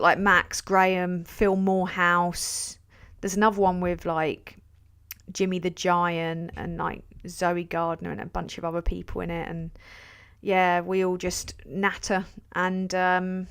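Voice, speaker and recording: A woman hosting a casual livestream and answering viewer questions, excitable and sweary, laughing often. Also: medium pitch. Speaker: livestream host.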